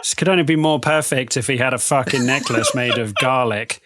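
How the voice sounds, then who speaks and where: A game master narrating a tabletop game in a lively, profane way and laughing often. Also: mid-range voice, a little fast, dry recording.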